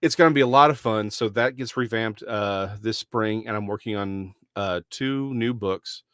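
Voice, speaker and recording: Middle-aged texan dude, easygoing podcast chat, lots of ums, dry close mic. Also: male voice, lowish voice, normal speed, fairly bright tone, clear, resonant tone, no room sound. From Dallas, Texas. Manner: easygoing, chatty, with many fillers. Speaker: podcast co-host.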